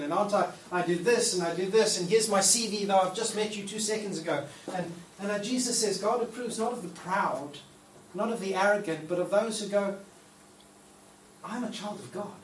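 A man preaching a sermon in a church hall. He talks in a casual, playful way and acts out the prayers he quotes. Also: sits high. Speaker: pastor. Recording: echoey room, mic at a distance, faint noise.

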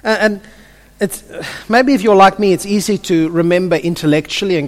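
This preacher's voice is high-pitched and a little fast. He brings the stories of his sermon to life, frequently restarting and repeating his first words, and a long hall reverb surrounds him.

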